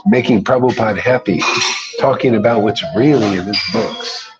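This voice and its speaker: A man's voice: fairly low pitch, moderate pace, muffled recording, over loud music. A man giving an informal devotional talk as a spiritual teacher, emphatic and colloquial, often calling listeners "man.".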